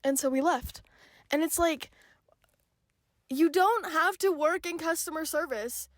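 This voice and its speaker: A young woman with a high voice co-hosts a casual podcast from a parked car. She chats with frequent giggles and casual swearing. The sound is dry and close, with no room echo. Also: a little slow. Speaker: podcast co-host. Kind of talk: casual chat.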